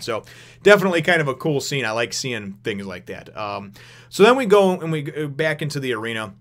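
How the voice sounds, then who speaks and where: A fast-talking man giving a loose, rambling manga review, with cusses and laughs sprinkled through. His voice is bright and forward, at a middle pitch for a man. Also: expressive. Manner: rambling, profane, laughs often.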